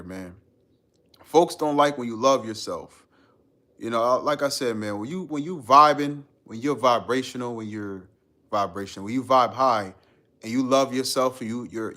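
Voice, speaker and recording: A man talking casually on a live stream at a mid-range pitch for a man. His delivery is relaxed and full of slang, he laughs easily, and he answers viewer comments as they come in. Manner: laid-back and slangy, laughing often, riffing on chat comments.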